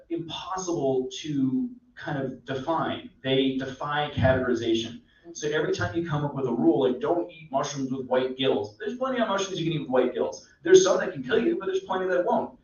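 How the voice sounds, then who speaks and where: A man, a mycologist guest, explaining in a relaxed, rambling way with many fillers. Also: fairly high pitch, a little fast. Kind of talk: casual explanatory chat. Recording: echoey, distant, dull sound.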